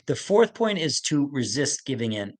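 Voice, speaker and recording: A man's voice: medium pitch, very animated, moderate pace. A man giving a webinar to parents, talking in an earnest, coaching way with a laugh now and then. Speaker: autism expert giving a webinar.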